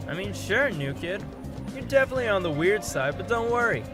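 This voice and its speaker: A man doing a high, brash delinquent schoolboy. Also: very animated, brisk. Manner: blunt, rough, exclamatory. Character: brash young male delinquent student. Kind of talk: fan-made anime parody dub. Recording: music playing underneath. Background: background music.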